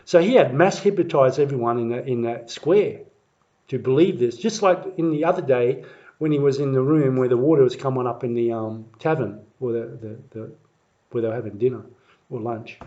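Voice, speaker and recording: Rambling man telling a story. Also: mid-range voice. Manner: rambling, halting, with many fillers and restarts; lively when acting out crowd voices. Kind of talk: casual family storytelling. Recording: muffled lo-fi recording.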